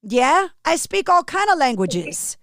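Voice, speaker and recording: A man's voice: very high voice, sing-song, unhurried, sharp tone, full character voice. A woman putting on a swaggering Brooklyn man's accent for a brash, cocky man who boasts about his languages. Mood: indignant swagger.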